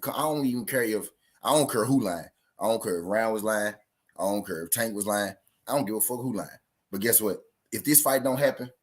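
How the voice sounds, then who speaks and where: Southern US male stream host, somewhat low voice, loose and profane, talks to chat. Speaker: boxing talk show host. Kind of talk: casual live-stream commentary.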